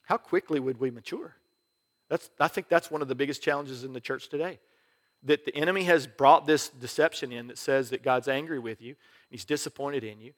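A pastor giving a sermon in an easygoing conversational way, often dropping to a soft hush and laughing as he goes. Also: mid-range voice, brisk. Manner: acts out prayers in quiet voices, laughs often. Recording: long hall reverb.

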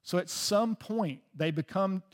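A man preaching a sermon as pastor, telling a story with deep feeling and often dropping to a soft voice. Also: unhurried, big-room sound. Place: church sanctuary.

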